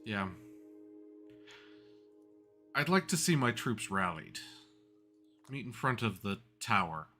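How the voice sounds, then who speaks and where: A man's voice: on the low side, sing-song, takes it slowly, long pauses, sharp tone, soft background music. A man playing a tabletop game who laughs often. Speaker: player. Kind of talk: casual tabletop game play.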